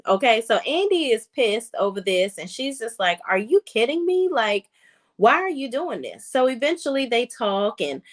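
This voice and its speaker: A woman host giving a sassy, animated, casual recap of a TV episode straight to her viewers. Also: medium pitch. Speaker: reality TV reviewer.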